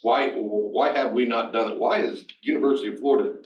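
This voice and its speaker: A man in the audience pushes his question, repeating himself and tripping over words. His voice has an ordinary middle pitch. It comes from far off, dull and muffled in an echoing room with faint hiss. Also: fairly quick. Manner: insistent, repeats himself, stumbles. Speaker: audience member. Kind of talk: pressing questions from the floor. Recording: dull, distant, roomy audio with faint noise.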